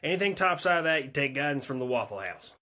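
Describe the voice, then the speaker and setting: A man voicing a rowdy, carefree Florida man, loud and laughing. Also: medium pitch, very animated, fast talker.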